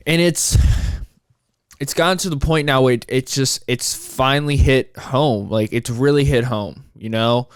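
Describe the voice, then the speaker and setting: A young man in his twenties talks through a solo podcast episode, frustrated and rambling, with frequent swearing. His voice is smooth and clear at a middling pitch. The sound is dry and close. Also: unhurried, dry recording. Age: 20s. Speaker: podcast host.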